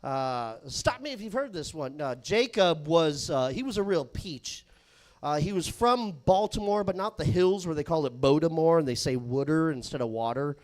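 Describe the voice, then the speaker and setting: A man's voice: on the high side, big pitch swings, normal speed. A man doing a live stand-up set, telling rambling, self-mocking stories full of swearing. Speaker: stand-up comedian. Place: live comedy stage.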